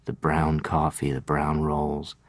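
A man reading a literary first-person monologue, slow and reflective, lingering over details. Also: rumbling low, level tone, no room sound.

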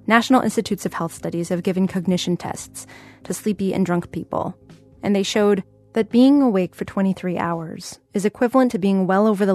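A woman hosting and reporting, narrating a scripted story in a clear, conversational way. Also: mid-range voice, darkish tone, no room sound. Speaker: host and reporter. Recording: dry studio sound.

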